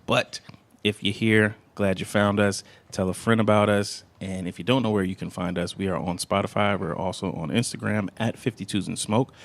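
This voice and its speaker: A man's voice: lowish voice, fairly even intonation, moderate pace, creaky. A man hosting a casual podcast, talking in a loose, laid-back way as he welcomes listeners and introduces his guests. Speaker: podcast host.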